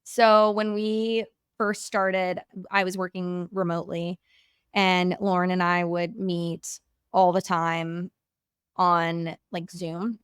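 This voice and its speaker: Young woman, podcast host, gushing casual chat, smooth clear tone. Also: on the low side, little pitch movement, slow, no room sound, clean studio sound. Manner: bubbly, gushing, says "like" often.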